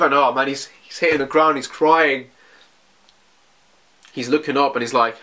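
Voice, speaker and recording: A man giving an excitable, rambling reaction commentary as a video host, often tossing in "man". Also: fairly high pitch, moderate pace.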